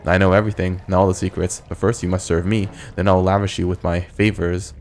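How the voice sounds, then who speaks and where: A man's voice: low-pitched, level tone, brisk, slight background noise. A man voicing a vain, petulant female filth demon who calls herself a queen, speaking in a whiny, boastful way. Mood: smug.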